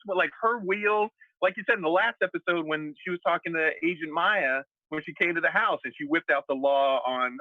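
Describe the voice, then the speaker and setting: A man's voice: a little high, fairly quick, few pauses, no room sound, dull audio. A man co-hosting a casual TV aftershow, laughing often and acting out characters' lines as he recaps. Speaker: aftershow co-host.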